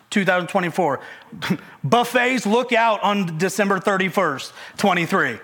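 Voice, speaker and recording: Man, high voice, preaching, conversational and emphatic, repeats key phrases, folksy jokes. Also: animated, normal speed, pushed and bright. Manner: folksy humorous asides. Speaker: pastor. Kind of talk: sermon.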